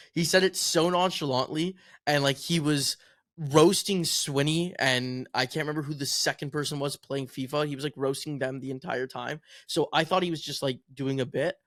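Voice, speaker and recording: A man's voice: a little high, a bit bright, no echo, clean studio sound. A man co-hosting a podcast, chatting casually about esports and rambling through stories. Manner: rambling storytelling. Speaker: podcast co-host and content creator.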